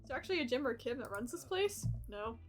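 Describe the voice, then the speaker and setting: Woman reading as a gruff rugged bar dad from a dating game, curt and terse, high-pitched reading voice, faint music underneath. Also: sing-song, quick pace. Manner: curt, terse lines read aloud.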